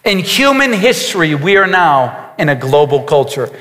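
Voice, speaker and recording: A man's voice: a little high, big pitch swings, moderate pace, bright, forceful tone, long reverb tail. A man preaching a sermon as a pastor, emphatic, with repetitions and asides to his congregation.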